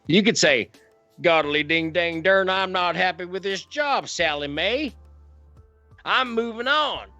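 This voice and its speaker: A high, wildly swooping man's voice puts on a thick Southern drawl to play a folksy courtroom judge, ranting loud and theatrical. The podcast audio is a little dull and lo-fi, with faint music underneath. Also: animated, measured pace, dry recording. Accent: put-on Southern US drawl. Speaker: podcast co-host playing a judge. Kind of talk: comic mock-courtroom rant.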